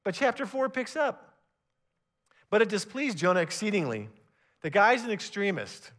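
High-voiced man preaching a sermon. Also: normal speed. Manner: animated preaching, reads scripture aloud, occasional stammered restarts. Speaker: pastor.

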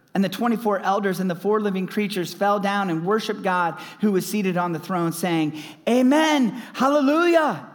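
A man preaching a sermon as a pastor, animated and swinging up into loud, emphatic exclamations. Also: high-pitched, big-room sound.

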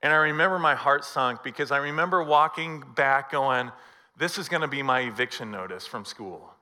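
A middle-aged pastor preaching a sermon, telling a personal story and acting out the dialogue. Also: male voice, medium pitch, normal speed, bright, forceful tone.

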